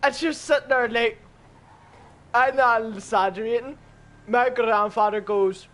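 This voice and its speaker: A man telling a story in a casual, profane, animated way while gaming with friends. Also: very high voice, a little slow, long pauses.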